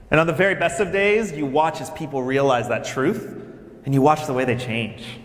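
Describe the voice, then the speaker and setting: This orientation speech comes from a campus minister for faith and justice who chats with new students, sharing stories and speaking to them directly. His voice is on the high side at a moderate pace, echoing through a large hall with long reverb.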